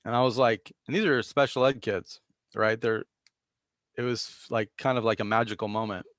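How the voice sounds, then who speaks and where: A man giving a reflective, self-deprecating dharma talk as a Zen teacher, halting with fillers and restarts and coughing now and then. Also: fairly low pitch, fairly even intonation, a bit bright, no echo, clean studio sound.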